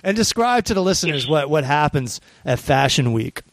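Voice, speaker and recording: A man's voice: a little high, sing-song, normal speed, background noise. A man hosting a podcast alone, chatting casually and crudely with a caller, full of jokes. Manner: crude, joking, playful. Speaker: podcast host.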